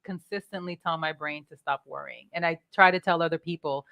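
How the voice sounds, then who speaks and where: Lower-voiced woman giving earnest advice. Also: brisk, creaky, lo-fi sound. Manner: earnest, advising. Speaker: podcast co-host. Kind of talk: casual chat.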